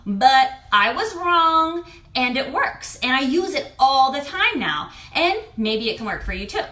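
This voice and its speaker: A woman's voice: high voice, bright, forceful tone, echoey room. A woman in her thirties, a fertility and lifestyle coach, talking candidly and expressively to camera and swearing now and then. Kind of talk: casual talk to camera.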